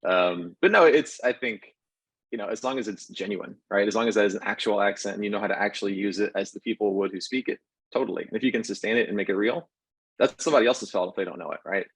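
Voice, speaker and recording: A man's voice: lowish voice, husky, no room sound, poor audio. A man from New Orleans moderating a panel discussion over a call, upbeat and joking. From New Orleans, USA. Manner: quick, upbeat, joking asides.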